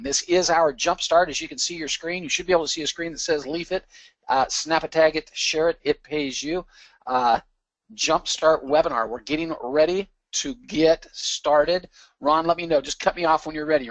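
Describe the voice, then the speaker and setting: A man hosting a live online webinar, greeting people one by one in an energetic, chatty way with quick asides. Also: fairly high pitch, no room sound. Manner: energetic, chatty, reads names aloud with quick asides and laughs. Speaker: webinar host. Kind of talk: upbeat live webinar roll call.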